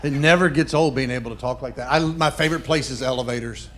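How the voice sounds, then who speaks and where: A man's voice: medium pitch, fast, fairly bright tone, slight background noise. A middle-aged man doing stand-up comedy, chatting playfully and quizzing the audience. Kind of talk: stand-up comedy with crowd work.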